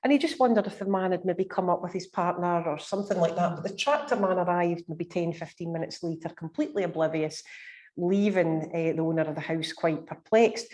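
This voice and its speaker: A woman, a paranormal researcher, recounting ghost experiences in a chatty, measured way with many fillers. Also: fairly low pitch, darkish tone. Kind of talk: storytelling in conversation.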